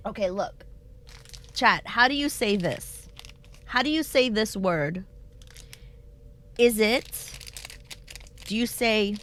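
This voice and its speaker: A woman's voice: mid-range voice, slow pace, pauses often. A woman streaming live, chatting casually with her viewers, reading their messages aloud and laughing often, talking into a desk microphone. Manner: playful, animated, reads chat aloud, laughs often.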